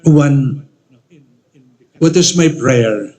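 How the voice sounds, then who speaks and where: A man's voice: medium pitch, drawn-out words, warm tone, rough recording. A man in his seventies from the Philippines, with a Filipino accent, giving a conversational, self-deprecating acceptance speech as an archbishop. He often tags his sentences with a questioning "no?". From Philippines, Iloilo. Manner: conversational, keeps adding a questioning "no?" as a tag. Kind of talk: formal acceptance speech with humor.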